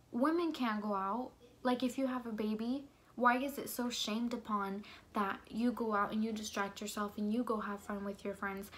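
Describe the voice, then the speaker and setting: A woman's voice: a little high, a little hiss or hum. A young woman vlogging in her bedroom, ranting heatedly with lots of swearing and "like" fillers. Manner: fired-up, swears a lot, many "like" fillers. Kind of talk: heated opinion rant to camera.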